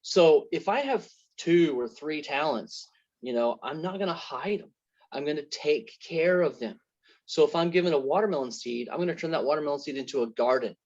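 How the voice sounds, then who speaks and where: A man's voice: fairly high pitch, moderate pace, a little mellow. A man giving an earnest, faith-centred testimony as an interview guest, telling parables to make his points. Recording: dull lo-fi sound.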